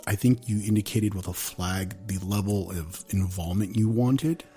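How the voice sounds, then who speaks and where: Low mellow guy hosting a podcast, super reactive, little bit of music behind. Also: normal speed, husky. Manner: eager, exclamatory reactions. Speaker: podcast host. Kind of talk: casual interview chat.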